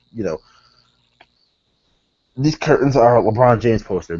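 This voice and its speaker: Man, casual wrestling recap, rambling with fillers, low voice, lo-fi sound, faint insects behind. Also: dark tone. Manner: rambling, many fillers and self-corrections. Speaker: podcast host. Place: room with curtains behind him.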